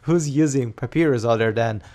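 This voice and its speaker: A man's voice: mid-range voice, normal speed, darkish tone. A man with an Italian accent, chatting casually as a co-host in an opinionated, joking way and laughing often. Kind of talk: casual chat about typography.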